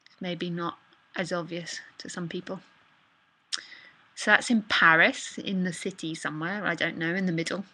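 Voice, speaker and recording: A woman's voice: lowish voice, fairly even intonation, moderate pace, sharp tone, husky, poor audio. A woman giving a live spiritual talk in a casual, chatty manner that circles back and repeats itself. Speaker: spiritual teacher.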